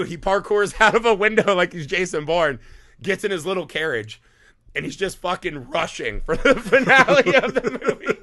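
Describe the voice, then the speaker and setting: A man co-hosting a movie podcast, chatting casually and swearing a lot, slipping into quick character impressions. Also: high-pitched, no room sound. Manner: animated, profane, acts out characters in quick impressions. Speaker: podcast co-host. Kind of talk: casual movie-review chat.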